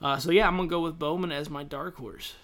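A man co-hosting a racing podcast, talking in a relaxed, joking way. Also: on the high side, quick pace. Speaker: podcast co-host. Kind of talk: casual chat.

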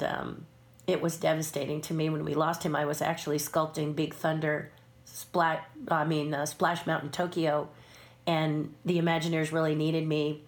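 An older woman recounts her career as a puppeteer in a relaxed interview, her voice sitting a little low. She tells each story with animated flair and slips into voices when quoting people. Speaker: guest puppeteer and sculptor.

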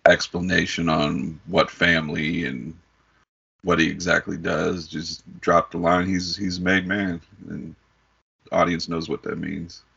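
A man's voice: very deep voice, creaky, a bit bright, husky, muffled recording. A man co-hosting a podcast, giving his thoughts on a film in casual chat. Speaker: podcast co-host. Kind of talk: casual movie review chat.

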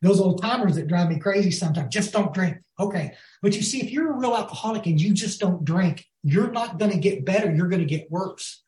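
A man's voice: high-pitched, expressive, a little fast, few pauses, darkish tone, slight background noise. A man giving a recovery talk to a group, telling folksy stories and often asking his listeners if they follow. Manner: folksy storytelling, addresses the audience as y'all. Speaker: recovery speaker. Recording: roomy echo.

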